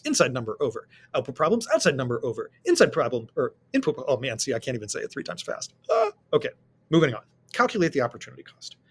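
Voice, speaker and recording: Male teacher, slightly high voice, animated delivery, quizzing and answering himself. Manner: lively, talks students through worked problems with rhetorical questions. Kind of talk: recorded economics lesson.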